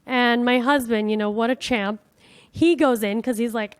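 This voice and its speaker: A woman from the United States hosting a podcast, telling a travel story in a chatty, animated way with casual swearing. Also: fairly high pitch, normal speed, smooth, dry recording. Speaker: podcast host.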